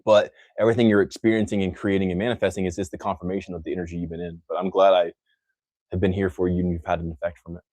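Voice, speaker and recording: Casting: young man from Texas, odd self-made accent, lowish voice, loose rambling livestream host, dry close sound. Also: flat delivery, racing, darkish tone, no room sound. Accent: own mixed accent, not Texan. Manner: loose, rambling, many fillers and restarts. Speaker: livestream host answering viewer questions. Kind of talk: casual live Q&A.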